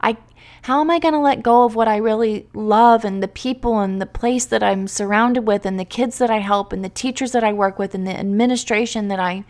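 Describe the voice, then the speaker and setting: A woman's voice: a little high, fairly quick, a little mellow. A woman hosting a podcast, talking earnestly and emotionally straight to her listeners in a heartfelt, faith-based way. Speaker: podcast host and teacher coach.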